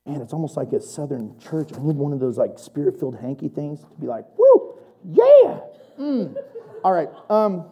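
Animated sermon preacher, mellow warm voice, chatty asides to the congregation. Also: mid-range voice, fairly quick, few pauses, husky. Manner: animated, laughs often, builds to loud emphatic delivery.

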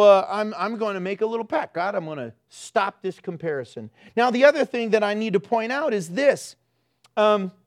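A middle-aged man preaching a sermon as pastor, telling jokey, self-mocking stories. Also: high voice. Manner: joking, self-mocking storytelling.

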